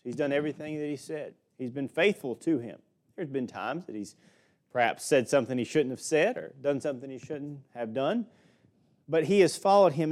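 Man, Alabama accent, preacher, folksy sermon, light humor, slows down for somber moments. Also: mid-range voice, darkish tone. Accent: Southern US (Alabama). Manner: folksy, with small jokes and laughs. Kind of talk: sermon, expository Bible teaching.

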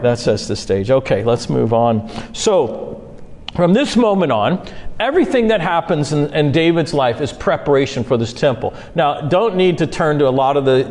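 A man preaching a sermon as pastor, earnest, moving between soft asides and loud, high-pitched bursts. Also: big-room sound.

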